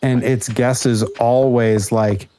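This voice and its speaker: A man's voice: mid-range voice, steady tone, slow, warm tone, a little hiss or hum. A young man streaming a co-op game, telling stories in a chatty way and slipping into mimicked voices. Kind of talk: casual chat while gaming. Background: game music.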